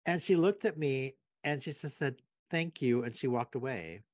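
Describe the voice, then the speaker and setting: A man's voice: mid-range voice, animated, normal speed, no room sound. Easygoing man podcast co-host. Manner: easygoing, laughs often, supportive back-and-forth. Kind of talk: casual chat.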